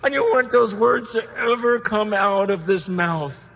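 A middle-aged male pastor preaching a sermon, impassioned, dropping to a hush and rising to shouts. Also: high voice, a little slow, vocal fry. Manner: impassioned, swinging from hushed to shouting.

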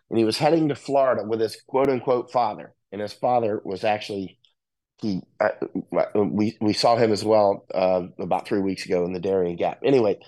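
A man's voice: medium pitch, a little mellow, poor audio. A man talking casually and explaining at length, often checking in with "right?" and "you know".

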